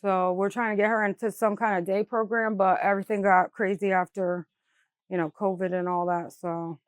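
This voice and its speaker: A woman's voice: mid-range voice, level tone, moderate pace, dry recording. Middle-aged woman telling her story candidly. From New York State. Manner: candid storytelling, many "like" and "you know" fillers. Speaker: mother of a crash victim. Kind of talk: documentary interview.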